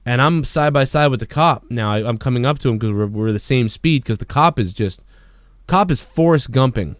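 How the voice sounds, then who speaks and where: A man hosting a podcast, telling a rambling, profane story in an excitable, casual way. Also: medium pitch, moderate pace, no room sound, studio quality. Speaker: podcast host.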